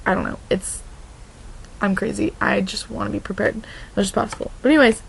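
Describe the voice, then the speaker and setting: A woman's voice: medium pitch, fairly even intonation, fairly quick, vocal fry, slight background noise, poor audio. A young woman from Oregon chatting casually in a vlog, rambling and restarting her sentences, with "like" in nearly every line. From Oregon, USA. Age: young adult. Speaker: vlogger.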